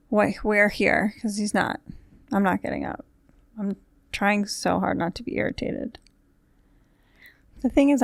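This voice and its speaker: Chatty woman podcast host, smooth dry voice. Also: medium pitch, dry recording. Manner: chatty, rambling, wry asides. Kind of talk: casual chat. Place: recording studio.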